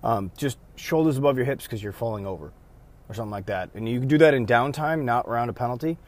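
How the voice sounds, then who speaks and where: A man who referees rugby, talking casually in a car, rambling and correcting himself, now and then acting out players' shouts. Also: medium pitch, quick pace, dry recording. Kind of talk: casual vlog talk.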